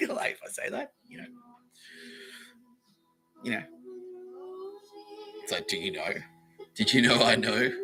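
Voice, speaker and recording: A man's voice: medium pitch, sharp tone. A man hosting a comedy podcast, rambling loosely, laughing and swearing as he riffs alone. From Australia. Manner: loose and giggly, swearing freely, slipping into quoted voices. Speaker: podcast host.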